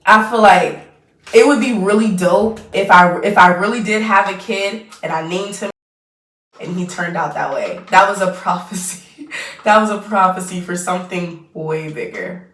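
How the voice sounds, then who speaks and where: A young vlogger in her twenties talks casually over her makeup routine in a fairly low, fairly bright voice at a moderate pace. She rambles and drifts off mid-sentence, with the distant mic catching a roomy echo in this get-ready-with-me chat.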